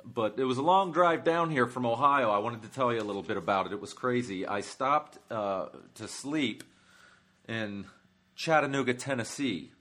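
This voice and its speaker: A male comedian hosting his own podcast, talking loosely and profanely in a rambling monologue. His pitch is mid-range and his speech is full of fillers and asides. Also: moderate pace, a bit bright. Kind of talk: comic travel monologue.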